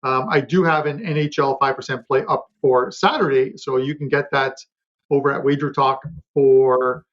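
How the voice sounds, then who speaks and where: A man on a betting panel, chatting quickly about his picks with lots of fillers and restarts. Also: mid-range voice, fairly even intonation, fairly bright tone, highs cut off. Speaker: sports betting handicapper. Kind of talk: casual panel talk.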